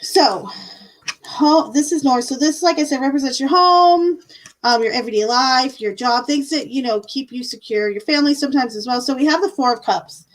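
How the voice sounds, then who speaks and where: Chatty woman tarot reader, higher voice. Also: low-quality recording. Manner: casual, chatty, many fillers and "like"s. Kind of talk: live-stream tarot reading.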